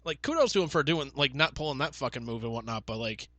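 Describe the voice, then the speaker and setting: A young man co-hosting a casual podcast, chatty and loose with his words, swearing freely between fillers. His voice is bright and forward, recorded close and dry with no room sound. Pitch sits in a middle range. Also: lively intonation, fast, no echo. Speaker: podcast co-host. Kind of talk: casual chat.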